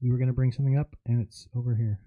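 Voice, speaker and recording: A man's voice: medium pitch, fairly even intonation, rapid-fire, dry recording, muffled recording. A man hosting a live stream in a casual, rambling monologue, sarcastic and mocking as he quotes others.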